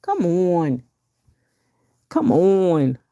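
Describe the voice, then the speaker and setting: Slow, gravelly-voiced woman chatting live. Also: lowish voice, big pitch swings, mellow, no echo, muffled recording. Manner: frank, profane, full of rhetorical questions. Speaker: vlogger reading live chat. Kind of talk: casual live-stream commentary.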